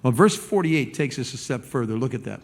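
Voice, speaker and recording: A man preaching a sermon as pastor, animated and conversational, stumbling over repeated words and acting out the people he quotes. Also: medium pitch, a little fast.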